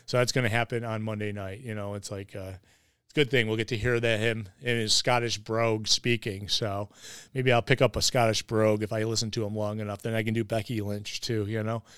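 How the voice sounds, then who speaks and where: A man's voice: lowish voice, flat delivery, a little fast, a bit bright, clean tone, no echo, studio quality. A man hosting a casual wrestling podcast, rambling with lots of fillers and restarts. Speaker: podcast host.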